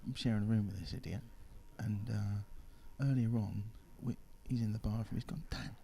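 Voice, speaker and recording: Gravelly man telling jokey stories. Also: lowish voice, moderate pace, slight background noise. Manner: jokey storytelling, animated mimicry. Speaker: pool commentator. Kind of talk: casual commentary banter.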